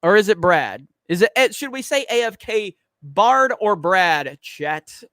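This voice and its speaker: A man's voice: high-pitched, very animated, measured pace, fairly bright tone, dry recording. A man hosting a livestream, reading chat in a blunt, profane, joking way. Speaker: livestream host.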